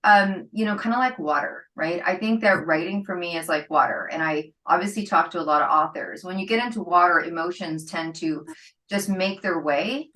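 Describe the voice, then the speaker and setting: Female podcast host with a lower voice, reflective and conversational, seeks agreement. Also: moderate pace, sharp tone, distant mic, poor audio. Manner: reflective, asks for agreement with "right?". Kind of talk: casual interview chat.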